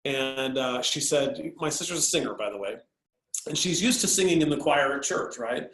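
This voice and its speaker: A man tells a personal story to a host in a relaxed, animated way. His voice sits mid-pitched and he leans on easy fillers. The room around him rings a little. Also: normal speed, echoey room, rough recording. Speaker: guest speaker. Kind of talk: casual storytelling.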